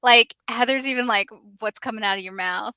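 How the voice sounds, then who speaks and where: A woman's voice: a little high, fairly quick, bright, forceful tone, clear, resonant tone, no room sound. A woman from the American South chatting casually on a live show, telling stories with lots of fillers. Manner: chatty storyteller, many fillers. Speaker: co-host. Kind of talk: casual chat.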